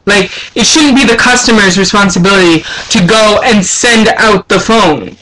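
Young adult, casual vlog rant, indignant, exasperated, mid-pitched voice. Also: normal speed, hardly any pauses, pushed and bright, low-quality recording. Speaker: vlogger.

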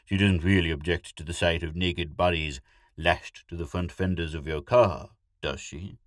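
A man with a deep voice voicing a fretful, wealthy middle-aged male hunter who grumbles and complains in a storybook reading. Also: fairly even intonation, normal speed, dry recording, clean studio sound, close to an everyday voice. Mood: puzzled.

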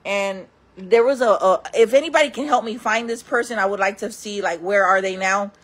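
A woman vlogger telling wild stories in casual talk, laughing often, calling her viewers friends and acting out other people in loud voices. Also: medium pitch, fairly quick. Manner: acts out quoted people in loud raised voices.

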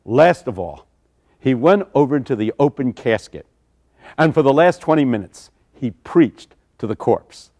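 An older man preaching a sermon, telling stories dramatically with sudden shouts. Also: mid-range voice, lively intonation, measured pace. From United States.

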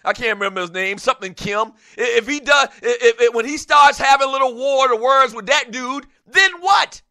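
A man's voice: extremely high pitch, steady tone, a little fast, sharp tone. A man hosting a casual talk show, emphatic and repetitive, half joking with laughs between his points. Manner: emphatic, preachy, repeats himself. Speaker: podcast host.

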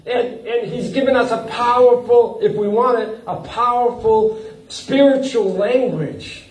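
Animated high-voiced pastor in an echoey hall. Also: male voice, a little slow, recorded from a distance. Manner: animated, chuckling often, with frequent uh fillers and repeats. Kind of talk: sermon. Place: church hall.

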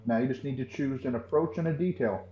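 A man narrating as game master in a tabletop game, relaxed and explanatory. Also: medium pitch, fast talker, a little hiss or hum. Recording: roomy, dull lo-fi sound with faint music.

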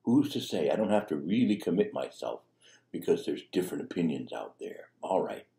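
Man, priest, conversational sermon, mellow low voice, roomy echo. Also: sing-song, brisk, creaky. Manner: conversational, with fillers and restarts. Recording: echoey room.

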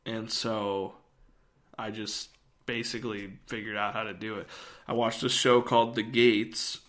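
A young man co-hosting a podcast, talking in a rambling, animated way. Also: fairly low pitch, a little slow. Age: young adult. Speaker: podcast co-host. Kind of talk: casual chat.

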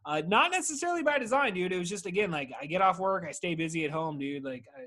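Male podcast host, thirties, slightly high voice, laid-back profane rambler. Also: lively intonation, quick pace, pushed and bright. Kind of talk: casual solo podcast monologue. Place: at home.

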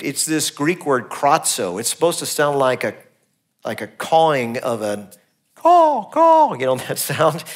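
A middle-aged man preaching a sermon in a conversational way, acting out the lines he quotes with changes in pitch and loudness. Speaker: pastor.

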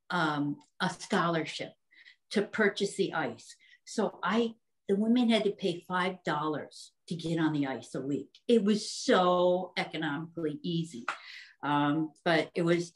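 A woman's voice: on the low side, poor audio. A woman in her sixties, a hockey coach and physical therapist, telling stories in a casual podcast chat, laughing often and acting out what people said. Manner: animated storyteller, laughs often, acts out voices.

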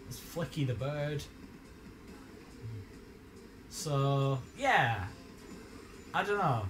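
A man's voice: medium pitch, drawn-out words, background noise. A man chatting casually and swearing a lot while playing a game on a live stream. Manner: sweary, excitable, laughs often.

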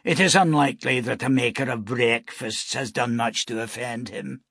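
A man's voice: medium pitch, moderate pace, vocal fry, fairly bright tone, breathy edge, no echo, clean studio sound. A man reading aloud voices a stern, grim red-headed frontier parson who speaks firmly and preacherly. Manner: firm, preacherly admonishing.

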